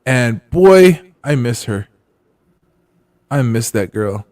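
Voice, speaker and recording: A man's voice: medium pitch, expressive, slow pace, darkish tone, no echo, studio quality. A man in casual chat, telling stories in a loose, rambling way full of restarts and trailing asides.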